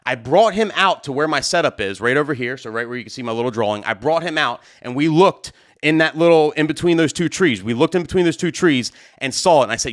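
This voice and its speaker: A man, a wedding DJ, telling a story to camera in a rambling, excitable way, full of fillers and "right?" tags. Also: fairly high pitch, fairly quick.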